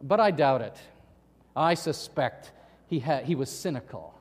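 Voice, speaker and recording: A man's voice: mid-range voice, animated, breathy edge. Emphatic male pastor in a reverberant hall. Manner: emphatic, with dramatic pauses and voiced quotations. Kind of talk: sermon.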